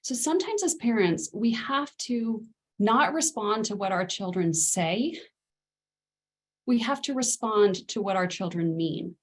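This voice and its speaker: A woman's voice: medium pitch, lively intonation, unhurried. Chatty middle-aged woman teaching. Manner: chatty, many fillers and "right?" asides. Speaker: parenting coach. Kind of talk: casual teaching on a video call.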